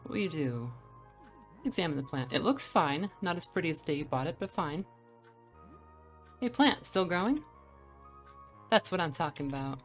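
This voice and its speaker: A young woman rambles through her game commentary in a lowish, easygoing voice, thinking aloud with plenty of ums. Faint music hums underneath. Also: a little fast. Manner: rambling, relaxed, with fillers. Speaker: streamer narrating a playthrough.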